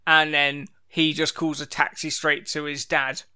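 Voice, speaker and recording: A man's voice: a little high, flat delivery, measured pace, bright, forceful tone, clear, resonant tone. A man co-hosting a podcast in casual chat, wry and reading out trivia notes. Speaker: podcast co-host.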